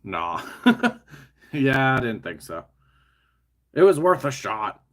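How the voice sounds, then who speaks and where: A man's voice: medium pitch, very animated, slow, fairly bright tone. A man talking casually as he builds a toy set, rambling, muttering to the pieces and laughing at himself. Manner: chatty, self-mocking, often laughing to himself; mutters and talks to the pieces while fiddling.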